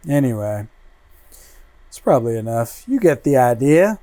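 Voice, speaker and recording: A man hosting a casual livestream, flipping through a comic book and muttering relaxed asides, swearing freely as he goes. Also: medium pitch, moderate pace, pauses often.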